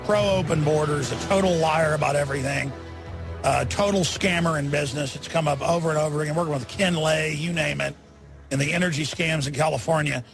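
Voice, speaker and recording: A man's voice: fairly high pitch, fairly quick, music in the background. A man as a talk radio host delivering a heated, indignant rant. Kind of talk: angry ranting commentary.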